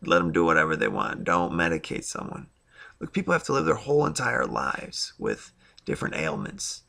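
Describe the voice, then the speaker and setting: A man in his thirties vlogs about his own life in a casual, rambling monologue, blunt in tone and loaded with fillers and tangents. He has a mid-range voice that's creaky with a sharp quality.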